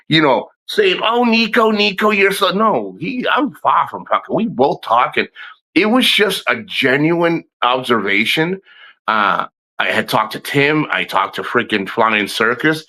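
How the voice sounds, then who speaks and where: A man's voice: mid-range voice, sharp tone, low-quality recording. A man in his fifties talking in a casual, rambling way, swearing freely and often restarting his sentences. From United States. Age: 50s. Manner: rambling, profane, frequent restarts. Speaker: vlogger. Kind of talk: casual chat.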